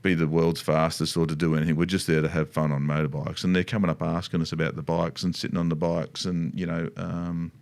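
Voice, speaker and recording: Middle-aged man, Australian accent, very low voice, rambling casual chat. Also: little pitch movement, brisk, vocal fry, few pauses. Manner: rambling, many restarts and asides. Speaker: motorcycle dealership co-host.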